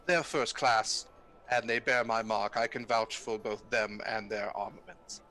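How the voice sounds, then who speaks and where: A man's voice: lowish voice, steady tone, unhurried, bright, forceful tone. A man voicing a formal, courteous noble patriarch in a tabletop game, polite and stammering when shaken. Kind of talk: tabletop game role-play.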